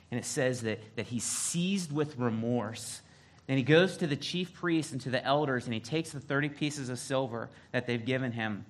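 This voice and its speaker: A male pastor preaching a sermon, retelling a story in a casual, animated way and acting out the quotes. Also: mid-range voice, creaky.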